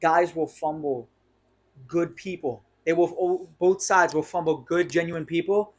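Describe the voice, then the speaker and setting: A man's voice: fairly high pitch, unhurried. A young man with a New York accent, co-hosting a podcast, bantering in slang and laughing often. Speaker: podcast co-host. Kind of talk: casual chat.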